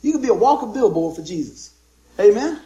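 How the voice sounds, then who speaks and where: A middle-aged male pastor with a very high voice preaches in an echoey church, folksy and joking. He keeps asking the congregation for amens. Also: sing-song, a little fast, mellow, lo-fi sound. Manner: folksy, joking storyteller with call-and-response amens. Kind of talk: sermon.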